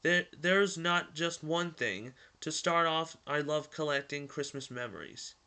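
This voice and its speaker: A man's voice: a little high, bright, forceful tone, clean tone. A man reading the lines of a cheerful male cartoon mouse from a storybook, stumbling and restarting as he goes. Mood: fond. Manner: halting read-aloud with stumbles and restarts.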